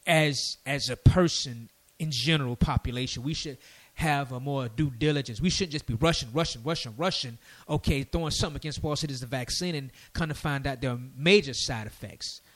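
A man hosting a call-in radio show and teaching from the Bible, animated, often repeating words to press a point. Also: mid-range voice, a little fast. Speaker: radio call-in host and preacher.

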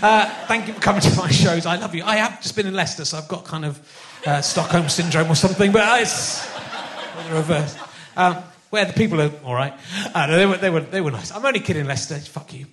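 A man's voice: high-pitched, fast talker, fairly bright tone. A man hosting a live comedy podcast in front of an audience, joking and self-mocking with rambling asides. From not from the West Country. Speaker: podcast host. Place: live venue stage with an audience. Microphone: handheld stage mic.

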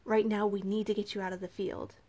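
A woman's voice: mid-range voice, fairly quick, natural voice. A woman voicing a kind protective prince. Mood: reassuring. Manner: calm, reassuring.

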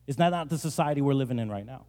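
A male pastor from New Jersey preaching a sermon, telling a joking story and rising to loud, emphatic bursts. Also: medium pitch, expressive, racing. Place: large church hall. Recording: long church-hall reverb.

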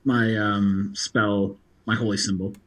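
A man's voice: on the low side, level tone, slow, fairly bright tone, rough recording. A man playing in a tabletop role-playing game, reading spell rules aloud with hesitant fillers. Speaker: player.

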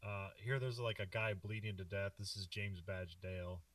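A man's voice: lowish voice, level tone, normal speed, a bit bright, distant mic. A man co-hosting a podcast, recapping a film in a loose, rambling way and laughing often. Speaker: podcast co-host. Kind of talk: casual film discussion.

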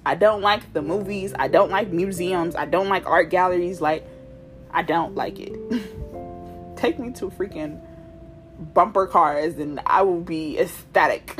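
Blunt ranting woman. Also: on the low side. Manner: blunt, animated, slangy, quick to laugh. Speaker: show host. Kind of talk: casual rant to viewers.

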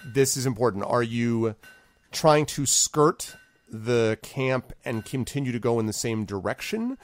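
A man narrating as game master of a tabletop game, relaxed and rambling with many fillers. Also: medium pitch, a little slow, faint music behind.

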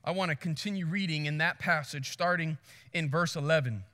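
A man preaching with a high, bright voice. His delivery is animated, swinging from hushed to loud, and it rings with a long hall reverb. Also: brisk. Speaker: pastor. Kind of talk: sermon.

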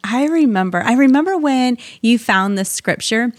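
A woman's voice: fairly high pitch, expressive, moderate pace, dry recording. A woman co-hosting a faith podcast, chatty and bubbly, telling stories with easy laughter. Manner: bubbly, giggly, chatty storyteller. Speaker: podcast co-host. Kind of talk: casual faith podcast chat.

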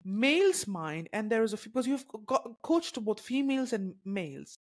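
A man hosting a podcast interview, talking in an animated way, rephrasing as he goes and acting out little everyday scenes. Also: high-pitched, moderate pace. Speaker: podcast host. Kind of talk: conversational interview.

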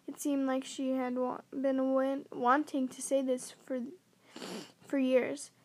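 Woman, high voice, amateur audiobook reader voicing characters. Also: completely flat delivery, slow, a little mellow. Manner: reads with small slips and restarts. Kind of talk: reading a novel aloud with character voices.

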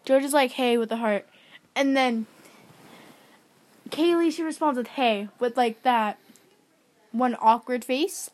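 A young woman casually retelling a dating story, giggling and quoting text messages in a flat voice. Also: high-pitched, takes it slowly, long pauses. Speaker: co-host. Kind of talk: casual gossip chat.

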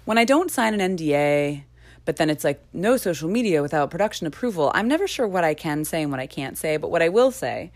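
A woman's voice: low voice, very animated, brisk. A young woman hosting a podcast in casual chat, talkative and prone to tangents, laughing often. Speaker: podcast host.

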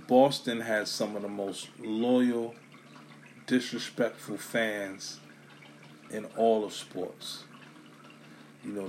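New dude going off about sports fans, cussing a lot, gets loud then drops low, faint hiss behind. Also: male voice. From New York. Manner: animated, profane, swings from loud bursts to low mutters. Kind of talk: casual profane monologue.

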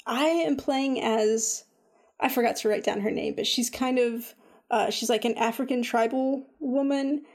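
A woman chatting casually about a game she has been playing, full of "like" and "um", animated when she retells her own reactions. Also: fairly high pitch, unhurried. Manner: chatty, lots of fillers like "like" and "um". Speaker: video game reviewer. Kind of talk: casual chat.

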